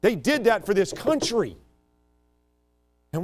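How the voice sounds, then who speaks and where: Animated, digressive American man. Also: moderate pace. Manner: animated and digressive, with sudden jumps up and down in pitch. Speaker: speaker addressing a group. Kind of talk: rambling talk to an audience.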